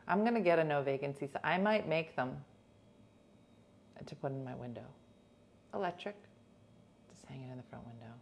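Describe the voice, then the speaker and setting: A woman in casual chat telling animated stories, acting out her friends' lines with swings from loud to hushed. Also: sits low, moderate pace, long pauses.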